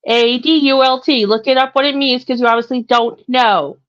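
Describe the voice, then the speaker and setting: A woman's voice: a little high, steady tone, moderate pace. A woman co-hosting a live stream in casual chat, laughing often and speaking bluntly. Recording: dull lo-fi audio.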